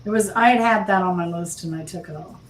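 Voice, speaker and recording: A woman on a casual music panel, tossing in quick joking asides. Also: lowish voice. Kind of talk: casual chat. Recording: distant mic with faint noise.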